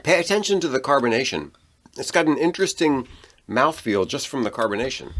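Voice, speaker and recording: Male podcast co-host, casual and dry, animated intonation. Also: medium pitch, brisk. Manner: laughs often, dry replies. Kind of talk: casual beer review chat.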